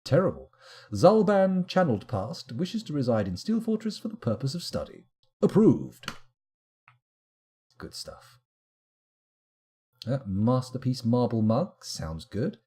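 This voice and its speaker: Male streamer, low husky voice, mellow tone, wry rambling asides, live game commentary. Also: wildly swooping pitch, unhurried, pauses often.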